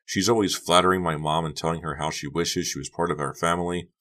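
A man voicing a high-strung, upset teenage girl who talks shrilly and anxiously in an audiobook. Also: steady tone, fast, fairly bright tone. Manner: shrill and agitated. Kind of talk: audiobook character voice.

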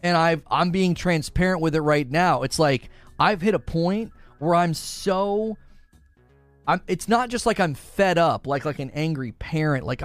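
A man's voice: on the high side, expressive, a little slow, soft background music. A man hosting a casual gaming livestream, talking through examples and acting out imagined quotes.

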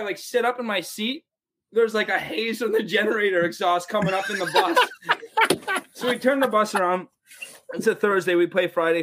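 This young American man sits somewhere in the upper middle of the male range as he spins loose, profane hockey stories. He keeps his telling casual and jumps into lively quoted voices for coaches and teammates. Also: a little high. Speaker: podcast guest, pro hockey player. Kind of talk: casual storytelling.

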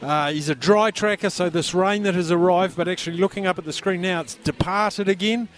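A man's voice: high voice, fairly quick. An Australian man hosting a live radio call-in sweepstake from a pub, speaking up over the noise. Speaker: radio host.

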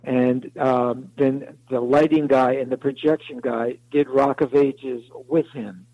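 A man's voice: medium pitch, fairly even intonation, takes it slowly, dry recording, highs cut off. A man being interviewed as a songwriter, telling long rambling anecdotes and acting out the other people in them. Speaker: songwriter guest. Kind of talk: interview storytelling.

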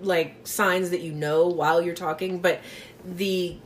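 A woman's voice: fairly low pitch, steady tone, measured pace, a little hiss or hum. A woman on a podcast who chats casually, laughs often and reads an excerpt aloud as if for an audiobook. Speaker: podcast co-host. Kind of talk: casual chat, reading aloud.

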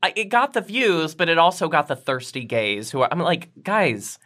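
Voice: medium pitch, very animated, normal speed, bright, forceful tone. A podcast host interviewing a guest in a casual, upbeat and playful way.

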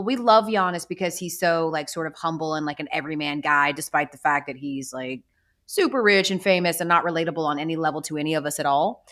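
A woman's voice: lowish voice, fairly bright tone. A woman in her thirties co-hosting a casual sports talk show, chatty, candid and exasperated. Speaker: co-host.

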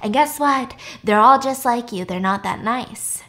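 A woman voicing a cold, sober young woman who calmly fires pointed questions at a man. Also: fairly high pitch, a little slow. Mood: scornful.

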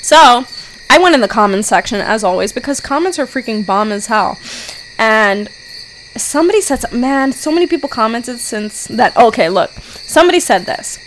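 Excitable woman podcast host. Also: on the high side, moderate pace, slight background noise, poor audio. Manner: excitable, peppers speech with "freaking". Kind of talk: casual solo podcast chat.

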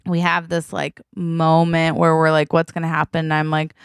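A woman co-hosting a comedy podcast, telling an improvised story and acting out the quoted dialogue in quick turns. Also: low voice, completely flat delivery, creaky, smooth, dry recording, studio quality. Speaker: podcast co-host.

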